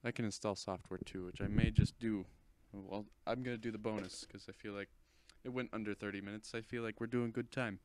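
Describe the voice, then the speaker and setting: A man's voice: fairly low pitch, steady tone, a little fast, few pauses, darkish tone, a little hiss or hum. A teenage man hosting, rambling casually and correcting himself as he comments on an install. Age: teens. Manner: chatty, rambling, self-correcting. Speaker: host. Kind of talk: casual commentary over a screen recording.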